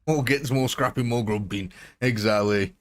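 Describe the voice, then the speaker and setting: A man's voice: mid-range voice, moderate pace. A man hosting a live game stream in a casual, chatty, jokey way, laughing often.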